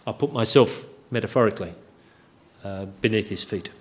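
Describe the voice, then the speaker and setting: A man's voice: fairly low pitch, moderate pace. Male preacher, wry self-deprecating asides, sermon delivery.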